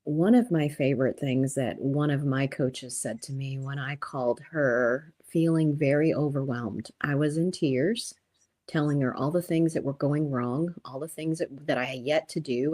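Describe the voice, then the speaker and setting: A woman guest on a podcast, calm and reflective, who turns lively when she tells stories. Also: deep voice, normal speed. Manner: calm and reflective, turning animated while telling stories. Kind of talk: casual interview chat.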